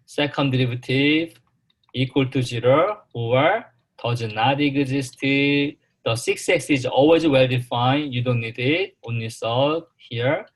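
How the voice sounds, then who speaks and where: A man teaching a calculus class, talking slowly and haltingly, repeating himself and putting questions to the students. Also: mid-range voice. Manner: slow, repetitive, halting, asks the class questions. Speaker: math instructor.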